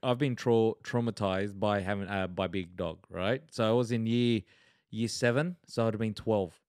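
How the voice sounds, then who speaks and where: A man, co-hosting a casual chat and telling an animated story, checking in with "right?" as he goes. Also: fairly low pitch, moderate pace, no room sound, studio quality. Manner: animated anecdotes full of "right?". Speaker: podcast co-host.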